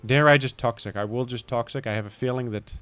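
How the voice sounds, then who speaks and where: A man's voice: mid-range voice, quick pace, fairly bright tone, clean tone, no echo, soft background music. A man with a British accent commenting live on a game he is playing, rambling in a playful, mock-grandiose way. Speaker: streamer.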